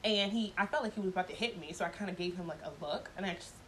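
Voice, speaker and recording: A woman's voice: fairly low pitch, rapid-fire, a bit bright, slight background noise, low-quality recording. Blunt, profane woman telling a story. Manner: laughs often while telling. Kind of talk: casual storytime chat.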